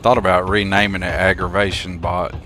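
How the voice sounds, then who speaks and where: A man with a very low voice talks through a live gameplay stream. He rambles easily and good-humoredly to his chat, keeping things relaxed. Soft music plays quietly behind him. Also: brisk. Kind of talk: casual live gameplay commentary.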